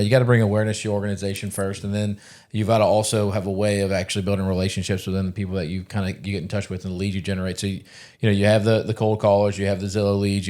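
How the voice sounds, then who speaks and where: A man hosting a podcast talks quickly in a lowish voice. He chats casually with keen energy and often restarts his sentences. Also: darkish tone. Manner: brisk, restarts phrases, enthusiastic about marketing. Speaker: podcast host.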